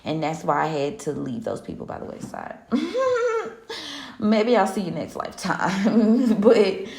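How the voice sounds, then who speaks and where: Woman, gravelly low voice, sassy and profane, laughs a lot, casual live rant, echoey room. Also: darkish tone. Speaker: spiritual reader hosting a live collective reading.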